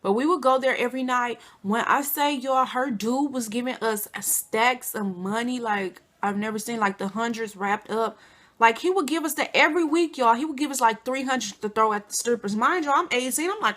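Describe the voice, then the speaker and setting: Bright, chatty young woman vlogger. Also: a little high, moderate pace. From Flint, Michigan, USA. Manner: chatty, addresses viewers as y'all and girl, animated quotes. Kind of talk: casual storytime.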